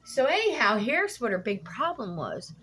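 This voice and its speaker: A woman's voice: a little high, sing-song, moderate pace, a bit bright, soft background music. Blunt, indignant middle-aged woman vlogger. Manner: blunt, indignant, swears freely. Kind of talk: casual storytelling vlog while cooking.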